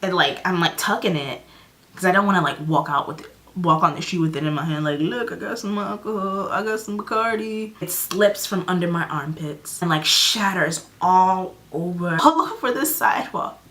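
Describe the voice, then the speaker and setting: A woman in her twenties telling a story in a casual vlog, animated and dramatic, acting out her own lines. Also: fairly low pitch, normal speed. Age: 20s. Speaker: vlogger.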